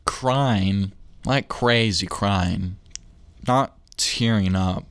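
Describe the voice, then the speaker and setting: A man's voice: on the low side, drawn-out words, fairly bright tone, smooth, dry recording. A young man hosting a casual podcast, rambling and interrupting himself with jokes and lost trains of thought. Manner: rambling, self-interrupting, jokey. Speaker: podcast host.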